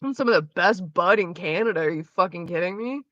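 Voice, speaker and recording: A woman's voice: fairly low pitch, expressive, fairly quick, fairly bright tone, no room sound, dull audio. A woman streaming from home, chatting casually while gaming, blunt and sarcastic with lots of swearing, coughing now and then from smoking. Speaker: live streamer.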